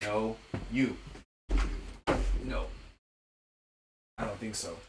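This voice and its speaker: A man with a fairly low voice hosts a casual live stream from home. He talks as a music producer in a relaxed, chatty, joking way. A faint hiss sits under his voice. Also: extremely slow. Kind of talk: casual livestream chat.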